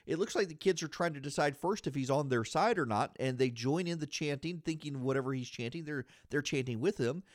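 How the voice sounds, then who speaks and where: A man's voice: a little high, a little fast, hardly any pauses, dry recording, clean studio sound. A man hosting a podcast, giving solo political commentary in an indignant, argumentative way and repeating phrases for emphasis. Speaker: podcast host.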